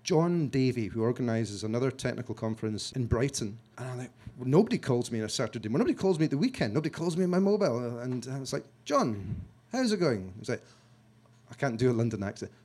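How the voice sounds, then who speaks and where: A man from Scotland telling a story to an audience, self-mocking and halting, with frequent restarts, acting out what other people said. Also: mid-range voice, sing-song, a little mellow, slightly rough. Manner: halting restarts and repeated words. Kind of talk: storytelling talk.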